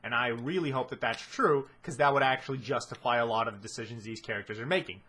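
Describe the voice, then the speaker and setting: A man's voice: medium pitch, fast, pushed and bright, breathy edge. A man giving a ranting analysis of a show, exasperated and swearing heavily. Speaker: video commentator.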